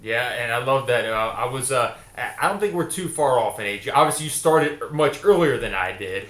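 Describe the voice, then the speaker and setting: A man's voice: medium pitch, animated, fairly quick, a bit bright. A man in his forties hosting an interview podcast, asking long, rambling, friendly questions with many fillers. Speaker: podcast host. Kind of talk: conversational interview. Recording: echoey room.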